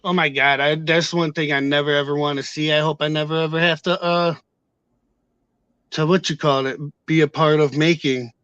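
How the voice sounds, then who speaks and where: A man's voice: on the high side, steady tone, moderate pace, clean tone, no echo. Heated, profane man on a dull mic. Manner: heated, profane, reenacts shouted exchanges. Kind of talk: casual storytelling to viewers. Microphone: camera mic.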